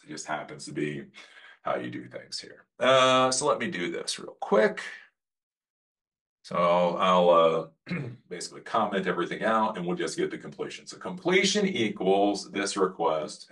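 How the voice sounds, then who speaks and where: A man teaching a casual coding lesson, talking bluntly and rambling, with loud emphasis and mumbled asides. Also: low-pitched. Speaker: coding instructor.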